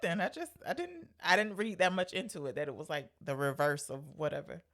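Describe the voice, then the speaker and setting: A woman co-hosting a podcast, chatting about a film, laughing often and firing off quick questions. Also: on the low side, fairly bright tone. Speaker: podcast co-host. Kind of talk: casual movie discussion.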